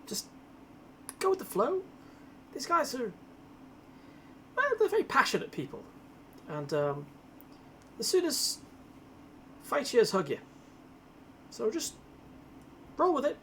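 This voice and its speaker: A joking player at a tabletop game whose voice bounces up and down in pitch as they chat. A faint hiss runs under the talk. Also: wildly swooping pitch, slow pace, long pauses, fairly bright tone. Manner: playful, joking.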